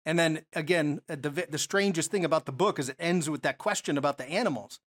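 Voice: medium pitch, fast talker. A preacher works through a Bible passage in an easygoing, conversational sermon. The delivery is full of rhetorical questions and mid-sentence restarts.

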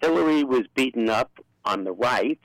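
Older man, Brooklyn accent, gravelly, outspoken radio guest, dry close sound. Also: medium pitch, animated, normal speed, no room sound, rough recording. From Brooklyn, New York. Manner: outspoken and impassioned. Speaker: guest, political activist. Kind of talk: radio interview.

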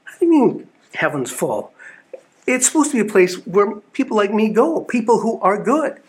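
A man's voice: high voice, sing-song, normal speed, voice pushed up. Male pastor playing a puzzled, indignant do-gooder in a sermon parable. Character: indignant good man turned away from heaven.

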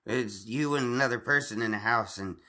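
Bright-voiced rambling, cursing man. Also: lowish voice, a little fast. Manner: rambling, profane, frequent restarts and laughs. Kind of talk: casual chat.

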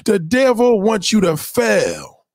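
Man, livestream host, preachy profane rant, repetitive, higher-pitched, dry webcam mic. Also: wildly swooping pitch, slow pace, creaky, a little mellow, no echo. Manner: heated, preachy, swears constantly, repeats himself. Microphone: home webcam mic.

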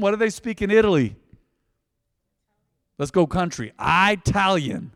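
A man preaching a sermon in a church, conversational and joking, with big swings between quiet asides and loud emphasis. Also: animated, a little slow, smooth, no echo, studio quality, in a large hall. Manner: conversational, joking, dynamic swings in pitch and loudness. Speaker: pastor.

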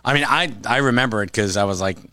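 A man co-hosting a casual podcast, telling a story with animated retelling and free swearing. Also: fairly low pitch, fast, no echo, clean studio sound. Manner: animated storytelling, acts out quotes, swears freely. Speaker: podcast co-host, comic shop worker. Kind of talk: casual chat.

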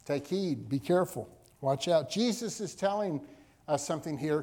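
A man's voice: on the high side, animated, moderate pace, dark tone. Emphatic pastor, man with a lifted voice. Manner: emphatic, repeats key phrases for effect. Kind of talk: sermon with scripture reading. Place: church service before a congregation.

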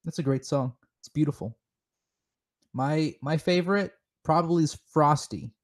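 A man co-hosting a comedic chat show, spinning deadpan, mock-serious theories with lots of halting restarts. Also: on the high side. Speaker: podcast co-host.

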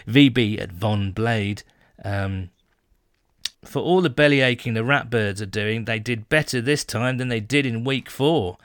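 A man's voice: mid-range voice, measured pace, no room sound, clean studio sound. Chatty British man reading fan messages. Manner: chatty, jokey, reads messages then reacts. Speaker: podcast host. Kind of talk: casual chat, reading listener messages.

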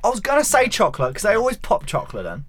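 A man's voice: sits high, huge pitch swings, rapid-fire. A man, co-hosting a casual wine-tasting podcast and spinning silly made-up scenarios. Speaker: podcast co-host.

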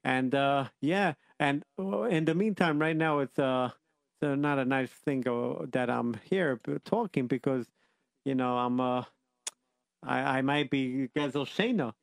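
A man's voice: mid-range voice, measured pace, gravelly, no room sound, studio quality. A man telling a story to children, rambling and playful, interrupting himself and bantering.

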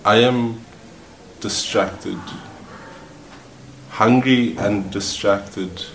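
A man reciting spoken word poetry in a slow, brooding way. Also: lowish voice, fairly even intonation, music in the background. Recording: echoey room with faint ambience.

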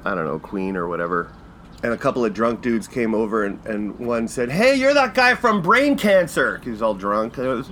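A Canadian man hosting a podcast, telling a casual story with laughs and acting out quotes in jumpy high voices. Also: a bit bright, slight background noise. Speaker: podcast host.

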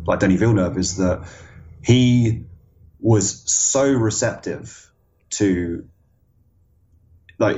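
A man talking as a guest on a podcast, thoughtful and halting, with many restarts and fillers. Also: deep voice, darkish tone, muffled recording, a little hiss or hum. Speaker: guest film designer. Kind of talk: casual podcast conversation.

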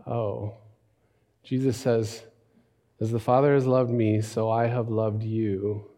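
A man preaching a sermon, telling a story and then building to emphatic, animated points. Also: medium pitch, in a large hall. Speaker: pastor.

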